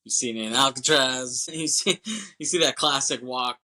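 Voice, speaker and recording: A man of average pitch with a sharp, bright tone, talking as a podcast co-host. He recaps a movie in loose, jokey chat and laughs often. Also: normal speed.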